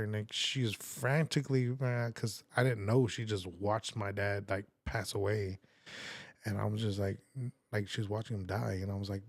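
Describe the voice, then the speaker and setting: A man with a fairly low voice tells an emotional personal story as a podcast guest. He speaks in an earnest, rambling way, acting out what others said to him. The sound is close and dry, with no room echo. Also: steady tone, moderate pace, a little mellow. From San Antonio, Texas. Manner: rambling and earnest, full of "like" and reenacted quotes.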